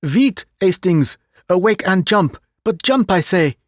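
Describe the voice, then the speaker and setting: A man voicing a fussy, vain, excitable middle-aged Belgian detective who drops French phrases, in an audiobook reading. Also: medium pitch, unhurried, dry recording, studio quality, lightly acted.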